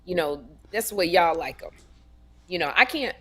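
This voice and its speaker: A woman co-hosting a comedy podcast, telling stories in a sassy, animated way and acting out voices. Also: on the low side, normal speed, slightly rough. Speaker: podcast co-host. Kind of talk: casual comedic storytelling.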